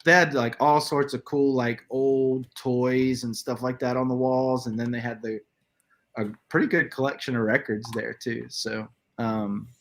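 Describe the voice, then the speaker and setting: A man co-hosting a casual movie podcast in a voice of ordinary pitch. He tells stories with animation and jumps into other people's voices. He laughs often in the middle of his sentences. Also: unhurried. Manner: animated storytelling, acting out quoted voices. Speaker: podcast co-host. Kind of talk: casual chat.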